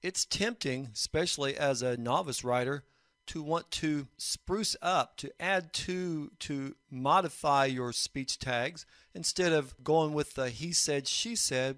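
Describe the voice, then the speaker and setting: A man teaching a recorded lesson on writing fiction, explaining points in a measured way. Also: a little high, fairly bright tone, dry recording, clean studio sound. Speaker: college instructor.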